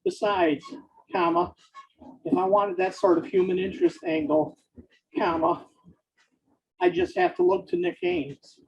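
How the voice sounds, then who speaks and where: A man dictating fiction aloud, speaking each punctuation mark in a slow, deliberate way. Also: high voice, lively intonation, vocal fry, lo-fi sound. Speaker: author dictating a novel.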